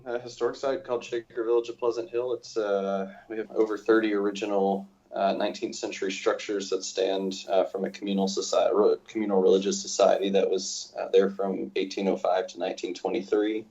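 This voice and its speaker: A man from Central Kentucky joining a movie podcast as guest, halting with restarts. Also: low voice, flat delivery, a little mellow. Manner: halting, restarts, laughs at others. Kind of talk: casual movie discussion. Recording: dull lo-fi audio.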